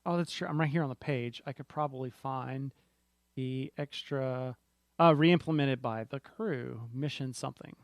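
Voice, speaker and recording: A man's voice: mid-range voice, normal speed, vocal fry, no room sound, clean studio sound. A man co-hosting a casual board game podcast, rambling and often restarting his sentences. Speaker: podcast co-host.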